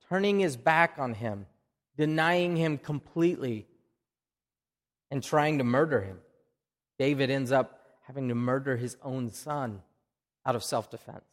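A man's voice: on the high side, in a large hall. A man with an Oklahoma accent preaching a sermon in a conversational way, often repeating a word as he restarts a phrase. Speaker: pastor. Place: church.

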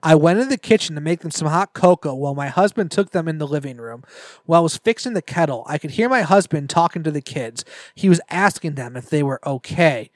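A man's voice: fairly high pitch, lively intonation, a little fast, dry recording. A man on a podcast reading a scary story aloud and breaking off for joking asides. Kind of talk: casual storytelling read-aloud with banter.

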